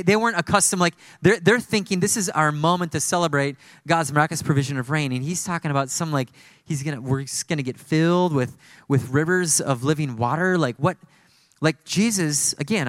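A male pastor delivers an emphatic, fervent sermon, often circling back to repeat his key phrases. His voice sits a little high for a man, and the sound is close and dry with no room echo.

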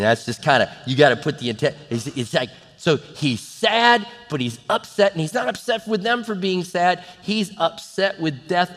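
A man preaching a sermon as a pastor, conversational and animated, with casual asides to the congregation. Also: high voice, moderate pace, hardly any pauses, long reverb tail.

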